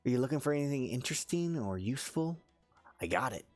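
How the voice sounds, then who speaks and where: A man voicing an old, smiling half-elf merchant with hushed, sly sales patter. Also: mid-range voice, lively intonation, fast talker, soft background music, pitched above the performer's own voice, lightly acted. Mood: welcoming.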